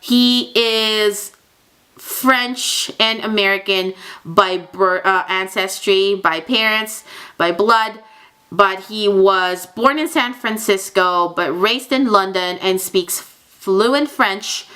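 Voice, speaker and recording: A young woman gushes through a casual book review vlog, chatty and full of little fillers. Her voice is bright and smooth, and she keeps the talk easy and enthusiastic as she speaks to her viewers. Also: medium pitch, slow pace. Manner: gushing, chatty, many fillers like "oh my god".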